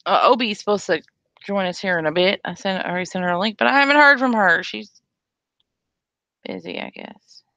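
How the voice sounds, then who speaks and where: A woman's voice: medium pitch, fast talker, pushed and bright, no echo, muffled recording. A woman hosting a casual livestream chat, blunt and sarcastic as she talks with viewers. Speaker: livestream host.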